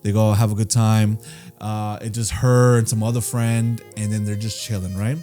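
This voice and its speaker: A podcast co-host with a lowish voice talks at normal speed over faint background music. He tells a story in casual, profane chat, animated as he acts out the voices of the people involved.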